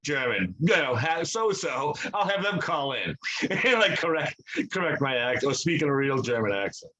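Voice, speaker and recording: A man's voice: on the high side, sing-song, moderate pace, sharp tone, rough recording. A young man co-hosting a podcast, telling rambling stories in casual chat, swearing freely and acting out quotes. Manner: rambling storyteller, swears a lot, acts out quotes. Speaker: podcast co-host.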